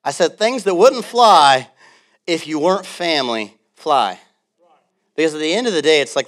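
A male pastor preaching a sermon in a church, animated and full of stories. His voice sits a little high for a man, and he slips into acted-out quotes and laughter as he goes. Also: moderate pace.

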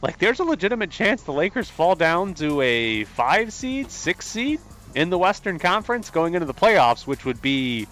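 Man, sports talk analyst, conversational, slightly higher voice. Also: sing-song, moderate pace, a bit bright, soft background music. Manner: explains plays conversationally, with fillers. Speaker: sports radio co-host and analyst.

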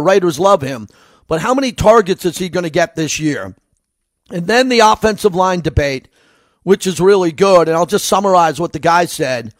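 A man's voice: high voice, no room sound. A man with a New York accent giving a solo sports commentary as host, in a conversational, rambling way.

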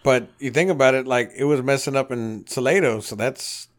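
Speaking at a moderate pace in a mid-range voice, a man chats casually on a podcast about a rambling road trip, cursing freely and performing the dialogue of everyone in the story.

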